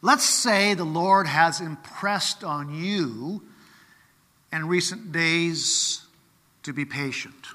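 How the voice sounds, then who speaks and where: High, bright-voiced man preaching. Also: takes it slowly, big-room sound. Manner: conversational, keeps checking in with rhetorical questions. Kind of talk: sermon.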